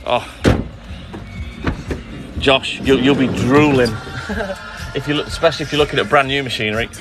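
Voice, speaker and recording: A man's voice: mid-range voice, moderate pace. A man in the middle of his early-morning milk round, streaming live from his phone as he works. He talks in an easy, friendly way, greeting viewers by name and answering their comments, with music playing in the background. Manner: chatty and friendly, gives viewers shout-outs by name. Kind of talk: casual live-stream chat reading out comments.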